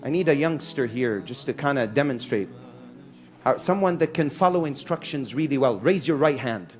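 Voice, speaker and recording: A man preaching a lively sermon to a live audience in a hall, mixing Arabic phrases into his English. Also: mid-range voice, normal speed. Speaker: Islamic preacher. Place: hall with a sound system and echo.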